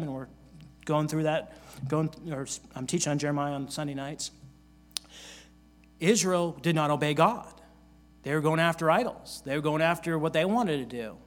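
A male pastor earnestly preaches a sermon, reading scripture aloud and repeating key phrases to drive them home. His voice sits a little high.

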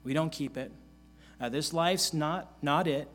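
A man's voice: a little high, measured pace, a bit bright, faint music behind. A male pastor preaching a sermon in an earnest manner, reading scripture aloud and repeating key phrases for emphasis.

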